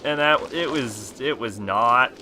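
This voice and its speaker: A man's voice: mid-range voice, takes it slowly, noisy background. A man streaming and chatting casually, rambling with lots of fillers and laughing easily.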